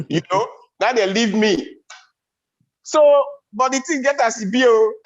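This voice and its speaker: Nigerian pidgin comedian guy, high pitched, storytelling big and bouncy, kinda muffled audio. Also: unhurried, a bit bright. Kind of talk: stand-up comedy.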